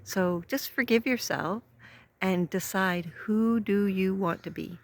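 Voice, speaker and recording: A woman's voice: fairly low pitch, slow, vocal fry. A middle-aged woman giving a motivational self-help talk, earnest and repetitive, asking many rhetorical questions. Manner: repeats herself for emphasis, soft-spoken.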